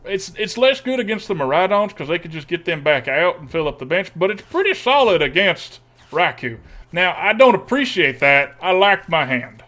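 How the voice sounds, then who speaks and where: A young Texan's voice sits high with a fairly bright tone as he streams a card game. He thinks aloud through his options, humming and muttering to himself while weighing each play.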